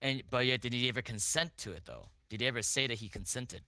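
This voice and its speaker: A man playing a defense lawyer in a role-play court, with a bright, forward voice. He cross-examines in halting phrases, restarting and repeating his questions, and the sound is close and dry. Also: medium pitch, no room sound.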